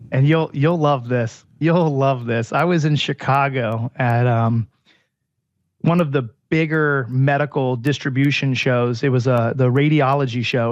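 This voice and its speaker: A man, the president of an air purifier company, pitching his product in an interview and telling long customer anecdotes full of "he goes.". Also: steady tone, normal speed, no echo, dull audio. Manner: chatty storyteller, repeats "he goes".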